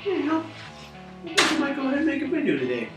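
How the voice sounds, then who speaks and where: A man telling rambling gaming stories in a vlog, animated and laughing, his voice jumping up high in the exciting parts, tired. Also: brisk, over music. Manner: animated, laughing storytelling with big pitch swings. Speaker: vlogger.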